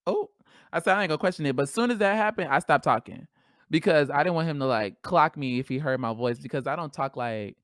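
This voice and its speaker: Animated slangy woman podcaster, dry sound. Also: sits low, fast, dry recording. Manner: animated, slangy, laughs often. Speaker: podcast host. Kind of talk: casual solo podcast chat.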